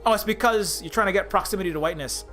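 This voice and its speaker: A man's voice: high-pitched, very fast, pushed and bright, faint music behind. A man from Hawaii, an indie game developer, delivering a heated, profane rant full of restarts and repetitions. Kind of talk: ranting monologue.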